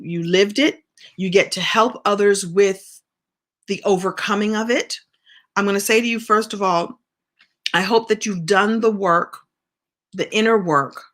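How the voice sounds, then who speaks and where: A mid-range, slightly bright female voice belongs to a middle-aged business and writing coach. She keeps things conversational and uplifting as she works through viewer comments on an informal live stream.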